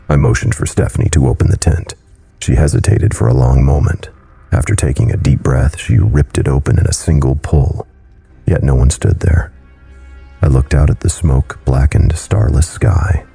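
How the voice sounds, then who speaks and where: Deep, gravelly male horror-story narrator, grave and measured, over faint music. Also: warm tone.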